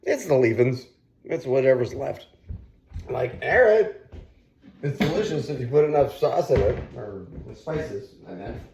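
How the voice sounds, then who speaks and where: A man cooking and chatting on his own vlog, rambling and swearing freely, with sudden loud outcries. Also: mid-range voice, lively intonation, measured pace, gravelly, lo-fi sound, slight background noise. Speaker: cooking vlogger.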